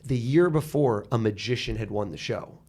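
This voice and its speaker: An American man in his thirties, a podcast guest telling stories in an animated conversational way and acting out what others said. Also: mid-range voice, moderate pace. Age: 30s. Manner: animated, acts out quoted people. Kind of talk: conversational storytelling.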